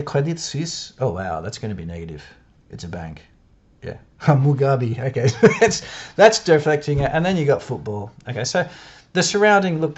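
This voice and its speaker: Chatty Australian man, lively pitch. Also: husky. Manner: chatty and self-doubting, laughs often. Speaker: video creator analysing newspapers. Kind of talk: casual commentary to camera. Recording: dull lo-fi sound.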